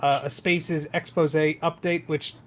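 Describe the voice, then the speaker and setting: A man's voice: a little high, flat delivery, slow, a bit bright. A chatty man hosting a laid-back tech podcast, his voice sitting a little above the usual male range. He talks loosely, jokes around and drops plenty of fillers and restarts. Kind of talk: casual tech podcast chat.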